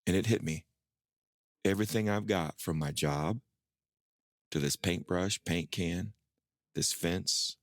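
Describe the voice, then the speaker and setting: Low-voiced man preaching a story. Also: no echo, studio quality. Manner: animated storyteller, acting out dialogue with rising pitch. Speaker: pastor. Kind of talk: sermon storytelling.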